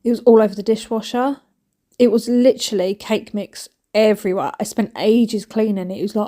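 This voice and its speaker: Woman, 30s, chatty cleaning vlogger, self-mocking, rambling, mid pitch. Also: fairly even intonation, brisk, warm tone. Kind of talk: chatty voice-over while cleaning.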